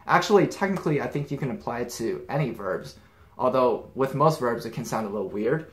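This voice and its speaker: Relaxed man teaching in a roomy space. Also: medium pitch, fairly quick. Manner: relaxed, explains step by step with examples. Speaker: language teacher. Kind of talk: casual grammar lesson. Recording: roomy echo.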